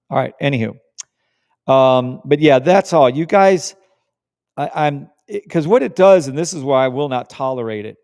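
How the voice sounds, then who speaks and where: A man hosts a live trading stream in a medium-pitched, gravelly, darkish voice, recorded cleanly in a studio with no echo. He talks casually and emphatically, repeating words for stress and swearing when riled.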